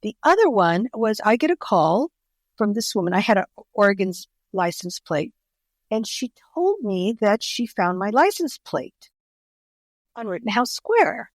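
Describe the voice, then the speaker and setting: Middle-aged woman, podcast guest, animated storyteller, dry close recording. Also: mid-range voice, unhurried, no room sound. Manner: animated storyteller, acts out quoted voices. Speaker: guest author.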